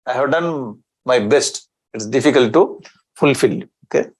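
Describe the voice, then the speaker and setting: Swami chanting and explaining verses. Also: male voice, medium pitch, moderate pace, low-quality recording. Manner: chants Sanskrit verses, explains in English, frequent restarts and rhetorical questions. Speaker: swami teaching scripture. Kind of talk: scripture discourse.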